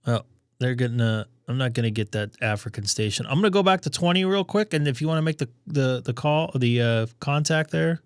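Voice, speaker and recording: Hoarse man rambling through a live stream. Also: medium pitch, animated, brisk, dry recording, studio quality. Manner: rambling, thinking aloud with fillers. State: hoarse, losing his voice. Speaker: ham radio live streamer. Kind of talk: casual live-stream commentary.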